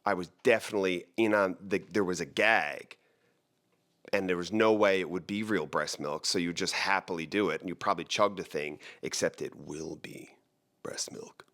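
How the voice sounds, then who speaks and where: A man's voice: sits low, steady tone, brisk, fairly bright tone. A man who hosts a real estate show, chatting casually to the camera in a rambling, joking way, often breaking off mid-sentence. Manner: rambling, joking, self-interrupting.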